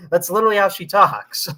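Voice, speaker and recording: Bright-voiced man ranting on a livestream. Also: high-pitched, expressive, normal speed. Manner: heated, ranting, frequent ums. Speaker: livestream host. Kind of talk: casual political chat.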